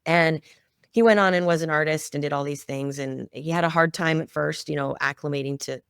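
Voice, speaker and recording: Woman with a gravelly, heartfelt storytelling voice. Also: deep voice, fairly quick, dry recording, studio quality. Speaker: podcast guest, children's media founder. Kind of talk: interview storytelling.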